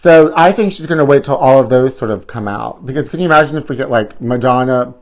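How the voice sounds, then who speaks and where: A man's voice: medium pitch, fast. A man hosting a live stream, chatting to viewers in a campy, sassy, rambling way.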